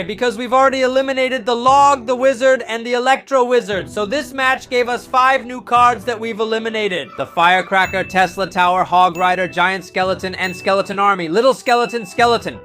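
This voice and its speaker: A man with a very high, bright, forceful voice runs excited gameplay commentary, cheering and cursing at every play. Faint music plays behind him. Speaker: gaming channel host.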